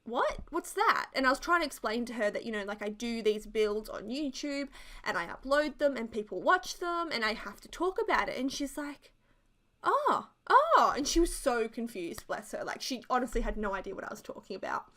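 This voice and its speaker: Fairly high-pitched and a little fast, this woman's voice has a fairly bright tone. She's a young Australian YouTuber in her twenties whose casual voiceover chat is full of rambling, giggly storytelling.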